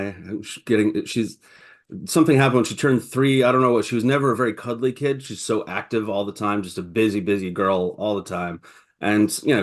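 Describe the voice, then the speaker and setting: Man, mid-pitched, animated storyteller who stumbles over his words, podcast co-host on a call. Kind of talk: casual chat. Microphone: video call.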